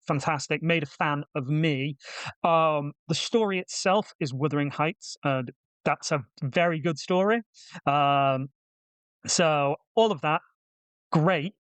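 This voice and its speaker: A man hosting a film podcast, giving casual reviews in a wry, self-deprecating way with quick asides. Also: on the high side, a bit bright, clear, resonant tone, dry recording.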